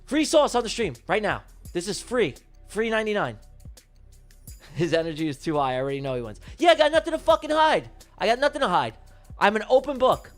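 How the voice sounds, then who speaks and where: A man hosting a live day-trading stream, talking in a brash, profane and excitable way. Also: high voice, a little fast, soft background music. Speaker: day trader hosting a livestream.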